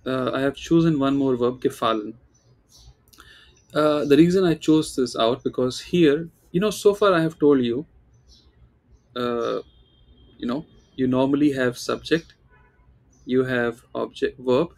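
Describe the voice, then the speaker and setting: A man's voice: medium pitch, darkish tone. A man teaching German, explaining step by step and often checking in with "right?", repeating example phrases in different tones. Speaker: German tutor. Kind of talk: online language lesson.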